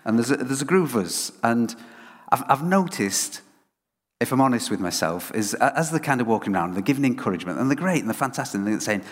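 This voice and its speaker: A man's voice: mid-range voice, fast. A man delivers a conversational sermon in a mid-range voice, telling stories with frequent stumbles and restarts. The sound rings with long reverb from a large hall. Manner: animated storytelling with frequent restarts. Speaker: preacher.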